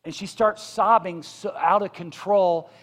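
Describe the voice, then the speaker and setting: High-voiced pastor preaching in an echoing church. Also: male voice, fairly even intonation, a little slow. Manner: impassioned, rising to loud emphatic peaks. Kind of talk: sermon. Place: church sanctuary. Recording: reverberant church hall.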